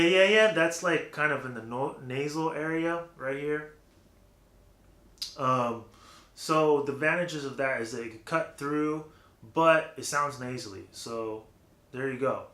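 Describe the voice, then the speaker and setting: In a room with noticeable echo, a man with a mid-range, fairly bright voice teaches vocal technique loosely and full of fillers. As a vocal coach, he pauses to show different voice placements.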